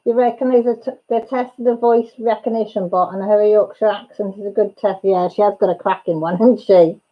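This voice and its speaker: A woman's voice: mid-range voice, fairly even intonation, fairly quick, muffled recording. A woman hosting a livestream, chatting casually and gossipily with viewers and laughing often. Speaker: livestream host. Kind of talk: casual chat with live viewers.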